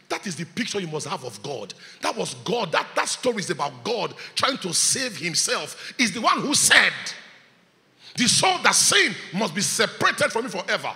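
Male preacher, high lively voice, bright and forceful, reverberant church hall. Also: moderate pace, vocal fry, soft background music. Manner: animated preaching, swings from shouting to hushed. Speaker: pastor. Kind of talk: sermon.

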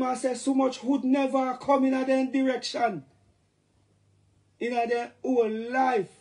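Man, Jamaican accent, middle-aged, high voice, gravelly, joking patois livestream rant. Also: level tone, unhurried, a little mellow.

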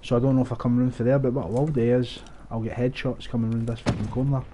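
A man giving live, profane, rambling commentary over his own gameplay, breaking into excited outbursts. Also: medium pitch, fast, slightly rough. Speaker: gaming channel host.

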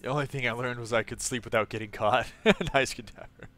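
A man's voice: medium pitch, a little fast, fairly bright tone. A young man chatting casually on a live game stream, laughing often and reading viewers' messages aloud.

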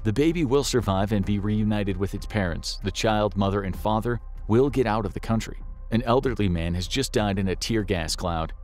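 A man's voice: fairly low pitch, normal speed, darkish tone, faint music behind. A man narrating a scripted documentary in a grave, dramatic storytelling manner.

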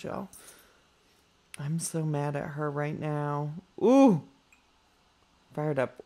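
A man giving chatty let's play commentary, calling his viewers y'all and talking back to his character with sass. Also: high-pitched. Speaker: gaming YouTuber.

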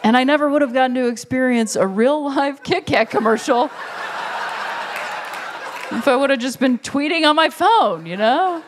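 A stand-up comic in their thirties telling a long story on a live stage, briefly acting out the people in it with quick voices. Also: sits high, animated, a crowd in the background, noisy background. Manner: storytelling, acts out characters in quick bursts. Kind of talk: stand-up comedy set. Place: live stage before an audience. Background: audience laughter.

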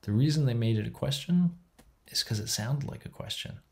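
A man's voice: mid-range voice, expressive, a little fast, creaky, very noisy. A man giving a university psychology lecture in a chatty, enthusiastic way, with many fillers and restarts.

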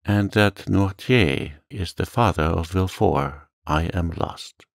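A man voicing a stern, proud magistrate in a calm audiobook reading, curt and commanding. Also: low-pitched, slow, gravelly, dry recording, clean studio sound, full character voice. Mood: stern, uneasy.

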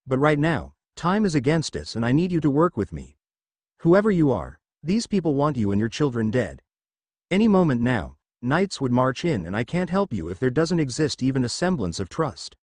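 A man's voice: medium pitch, very animated, normal speed, a little mellow, no echo. A man voicing a blond young male ninja, urgent and commanding.

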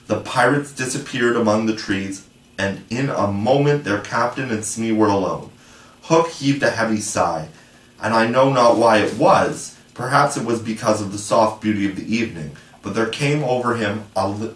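Male audiobook narrator, low voice, distant roomy recording. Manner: storytelling reading. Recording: echoey room, from far off.

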